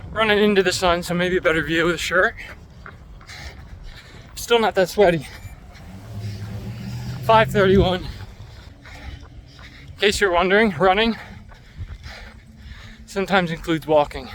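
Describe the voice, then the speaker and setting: A man's voice: high-pitched, a little slow, pauses often, a bit bright, slight background noise. A man out of breath, chatting and joking to a camera he carries while running outdoors in the heat. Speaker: running vlogger. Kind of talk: casual vlog commentary while running. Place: outdoors on city streets in the heat.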